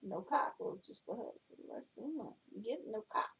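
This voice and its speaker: A woman's voice: fairly high pitch, animated, normal speed, creaky, fairly bright tone, highs cut off, slight background noise. A woman co-hosting a casual show, reading jokes aloud and then explaining them with teasing remarks. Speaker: co-host. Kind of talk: casual joke-telling chat. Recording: echoey room, far from mic.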